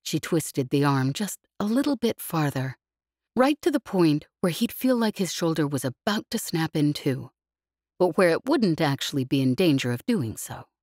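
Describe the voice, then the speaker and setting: A woman reading an audiobook in a steady, even storytelling manner. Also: low-pitched, moderate pace, dry recording, studio quality. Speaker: audiobook narrator. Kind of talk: scripted narration.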